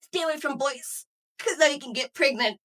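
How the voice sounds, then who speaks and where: A blunt old grandmother delivers a short, brisk warning, plain and matter-of-fact, as a woman quotes her in a story. The voice stays high and close to the teller's own. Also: a bit bright.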